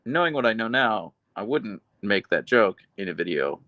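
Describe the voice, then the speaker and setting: A man hosting a live stream, reading chat messages aloud in a dry, deadpan, casual way. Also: lowish voice, moderate pace, no room sound, dull audio. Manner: chatty, earnest, with restarts and laughs. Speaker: livestream host reading chat.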